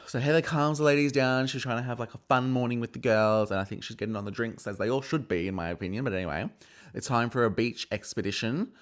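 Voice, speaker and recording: A man's voice: lowish voice, expressive, fairly quick. A man casually recapping a reality TV episode in a gossipy, sweary manner. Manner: gossipy, sweary, acts out quotes. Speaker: TV recap host.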